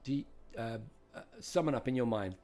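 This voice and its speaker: Chatty live-stream quiz host, lively pitch. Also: male voice, brisk. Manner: chatty, reads out viewer names and quiz questions.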